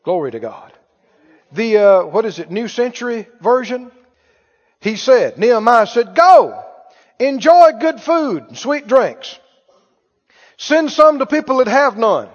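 Man preaching, high voice, lively swooping pitch, slow deliberate delivery, echoing hall, muffled sound. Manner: preaching with call-and-response to the congregation. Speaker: pastor. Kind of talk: sermon. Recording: muffled church hall recording.

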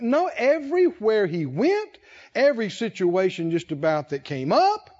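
A man preaches in a loose, conversational style, his voice pitched very high and swinging widely as he quizzes the congregation. He chuckles between points and keeps the room involved. The recording is dull and lo-fi. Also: very animated, unhurried, a little mellow. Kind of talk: conversational sermon.

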